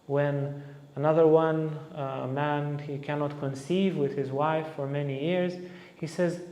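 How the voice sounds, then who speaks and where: A man's voice: on the high side, a little slow. A man teaching as a spiritual teacher, telling a story with animation and acting out the lines of the people in it. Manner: animated storyteller who acts out quotes. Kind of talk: storytelling talk. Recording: echoey hall reverb.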